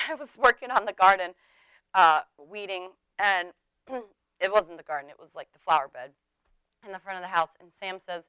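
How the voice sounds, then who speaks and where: Woman, middle-aged, casual sermon, acts out quotes, bright tone, smooth clear voice. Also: mid-range voice, moderate pace, dry recording, low-quality recording. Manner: conversational, laughing, acts out quoted speech.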